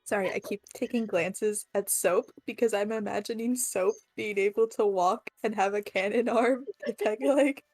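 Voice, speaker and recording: A woman player at a tabletop game, chatting with excitable, laughing asides. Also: medium pitch, normal speed, few pauses, no echo, clean studio sound, faint music behind. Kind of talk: casual chat at a game table.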